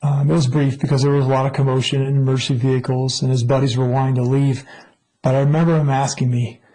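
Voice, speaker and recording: A middle-aged man giving an earnest personal testimony, recounting a mountain rescue in a measured storytelling manner. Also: medium pitch, flat delivery, dark tone, poor audio.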